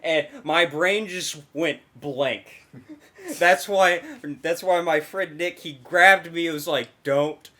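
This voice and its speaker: A man's voice: fairly high pitch, slow, sharp tone. A young man co-hosting a casual podcast, telling a story with lots of laughter and casual swearing. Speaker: podcast co-host.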